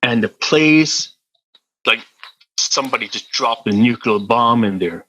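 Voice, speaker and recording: A husky-voiced middle-aged man spins a wild story as a podcast guest. He talks in a loose, animated way, laughs often, swears freely and stumbles over repeated words. His pitch sits right in the middle for a man. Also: measured pace, low-quality recording. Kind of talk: casual storytelling.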